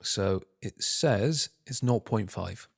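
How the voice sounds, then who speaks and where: A low-voiced man narrates a screen-recorded tutorial, talking himself through each step and humming little filler sounds as he works. The recording is dry and close, with no room around it. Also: animated, takes it slowly, gravelly, slightly rough, dry recording. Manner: muttering to himself, humming filler syllables while working; self-deprecating, talking through steps. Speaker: tutorial host.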